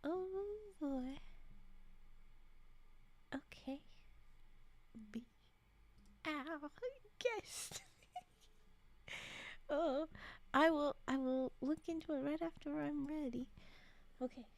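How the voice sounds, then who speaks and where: A woman's voice: high voice, very slow, pauses often. A woman streamer chatting casually with her viewers, giggly and chatty. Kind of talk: casual livestream chat.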